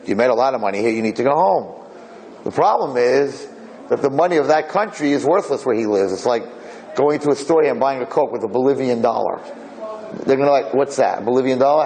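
A man's voice: medium pitch, darkish tone, poor audio. A man telling a long folk parable in a casual, digressive way, jumping into different characters' voices. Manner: rambling, digressive, acts out characters. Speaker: storyteller.

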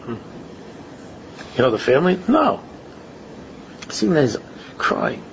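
With big pitch swings and vocal fry in a mid-range voice, a male religious speaker talks informally at normal speed. He repeats himself, restating phrases before rising to emphatic questions; the muffled lo-fi recording has a little hiss or hum.

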